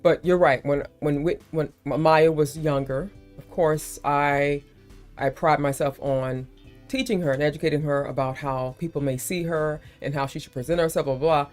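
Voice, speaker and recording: An expressive woman in her forties or older hosts a relaxed live stream, her voice sitting a little low and growing loud whenever she gets heated. Soft guitar music plays quietly underneath her. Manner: animated, emphatic, quick to heat up. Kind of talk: casual live stream chat.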